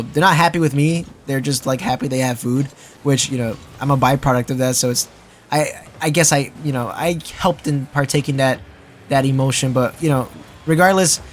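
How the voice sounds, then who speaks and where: A young man telling a casual story as a vlogger, rambling with lots of fillers and restarts and swearing freely. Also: a little high.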